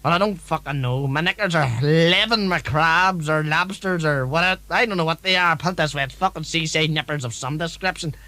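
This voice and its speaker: A brazen, foul-mouthed woman from the audience, pitched high and ringing bright, as a man puts her on. She speaks with a crude, shameless manner. It is a comedy sketch voice. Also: normal speed, hardly any pauses, no echo. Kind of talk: comic sketch acting.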